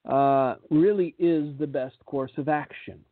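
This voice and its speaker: Speaking at a measured pace with a somewhat high voice, a man hosts a radio commentary that's sarcastic and blunt, often repeating a word as a thought gets started. He is a radio host and preacher. There's no echo, though the line sounds tinny and phone-like.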